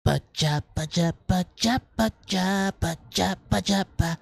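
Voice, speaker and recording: A man voicing a little animated singing character that hums whole tunes in two repeated syllables. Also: high-pitched, takes it slowly, creaky, no echo, voice pushed up, heavily acted. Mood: singsong. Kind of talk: live-stream bit, guess-the-song game.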